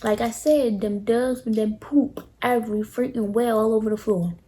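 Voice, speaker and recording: Animated young woman telling a story. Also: a little high, moderate pace. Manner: animated, dramatic retelling, addresses viewers directly. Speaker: vlogger. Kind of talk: casual storytime.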